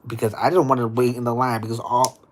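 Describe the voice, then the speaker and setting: A woman streaming live, telling a story in an animated, flustered way. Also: a bass voice, fast talker, a little hiss or hum.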